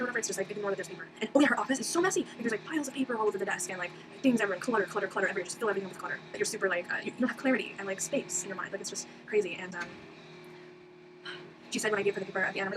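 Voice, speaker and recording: A woman's voice: medium pitch, racing. A young woman vlogging in a rambling, casual monologue, filling her talk with "like" and acting out what others said. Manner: rambling, heavy use of "like", quoting others in voices. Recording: noisy home recording.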